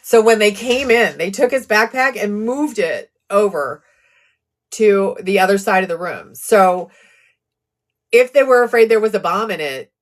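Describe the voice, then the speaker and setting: A woman's voice: medium pitch, animated, measured pace. A woman hosting a live true crime stream, chatting casually about a court case and answering viewer comments with sarcastic asides.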